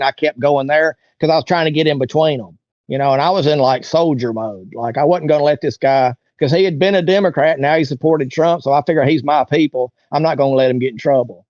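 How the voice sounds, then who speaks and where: A man's voice: a little high, darkish tone, dry recording, highs cut off. A man, an interview guest telling a long story in a rambling, folksy way. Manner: rambling, folksy, lots of "you know" and "like". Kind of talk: casual storytelling.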